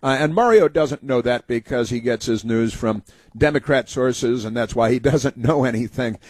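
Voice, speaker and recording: Husky male radio host, rambling and sarcastic, lots of uh's, dry studio mic. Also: medium pitch, normal speed, a little mellow, no room sound. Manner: rambling, many uh fillers, sarcastic asides. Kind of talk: political talk radio monologue. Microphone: studio microphone.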